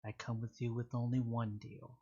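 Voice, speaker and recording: A man voicing a disembodied presence that coaxes a listener with offers of power, speaking softly and slowly. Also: mid-range voice, little pitch movement, slightly rough, dull audio, lightly acted. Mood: coaxing. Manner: soft, coaxing, slow.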